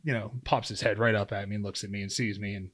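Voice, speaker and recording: His voice is fairly low and fairly bright, with a level tone and quick delivery. He's a podcast guest in his thirties, once a pro football player and now a hunter, recounting a story casually while acting out what he said and using lots of fillers.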